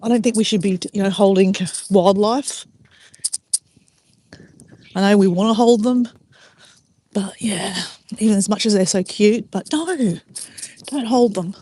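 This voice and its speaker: A woman's voice: mid-range voice, a little slow, long pauses, warm tone. A middle-aged Australian woman chatting casually to viewers as she walks an outdoor track. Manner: chatty and rambling, talks while walking outdoors. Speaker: vlogger. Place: outdoor walking track by a river.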